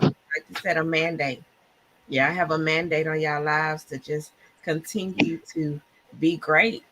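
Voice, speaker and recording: A woman hosting a podcast live online, talking in an excited, churchy, casual way, often laughing and saying y'all. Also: low-pitched. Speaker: podcast host. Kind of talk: casual live-stream chat.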